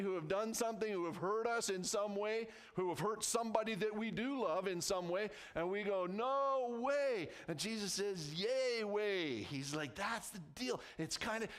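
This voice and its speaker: A man with a Canadian accent preaching a sermon to his church, conversational and emphatic, repeating phrases and restarting himself. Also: high voice. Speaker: pastor.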